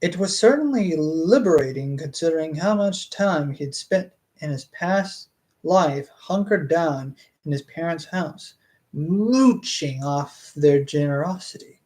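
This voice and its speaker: A man's voice: on the high side, unhurried, darkish tone. A man reading a novel aloud on a live stream, stumbling over words and breaking off for chatty asides and jokes. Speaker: book reader and streamer.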